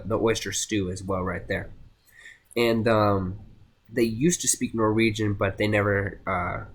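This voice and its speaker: A young man giving a casual class presentation, halting with many fillers and restarts. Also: lowish voice, a bit bright, breathy edge. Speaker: student presenter.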